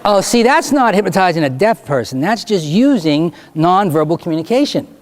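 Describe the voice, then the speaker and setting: A man speaking as a stage hypnotist, answering student questions and giving slow, deliberate hypnotic suggestions in a school auditorium. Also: high-pitched, big pitch swings, background noise. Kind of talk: Q&A talk and hypnotic induction to students.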